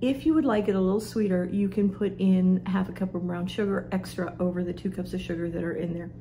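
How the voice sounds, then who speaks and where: A woman's voice: lowish voice, fairly even intonation, fast, dark tone, a little hiss or hum. A middle-aged woman, chatting homey and friendly to viewers as she shows a recipe in her kitchen. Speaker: cooking show host. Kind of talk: casual cooking demonstration. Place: home kitchen.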